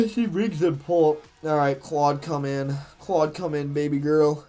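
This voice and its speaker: A man's voice: fairly high pitch, steady tone, measured pace, hardly any pauses, a little mellow, faint music behind. A man giving profane, trash-talking live commentary while he plays a competitive game, swinging between rage and jokes.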